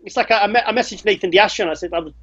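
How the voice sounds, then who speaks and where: A man co-hosting a casual talk show, telling stories with lots of restarts and excitement. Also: high voice, very fast. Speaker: co-host. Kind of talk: casual chat. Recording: slightly dull lo-fi sound.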